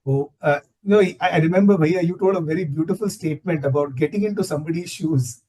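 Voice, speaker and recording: A man's voice: a little high, fast talker, mellow, slightly rough, poor audio. A man giving a conversational spiritual talk, telling stories and mixing in Hindi phrases, with many "you know"s. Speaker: satsang speaker.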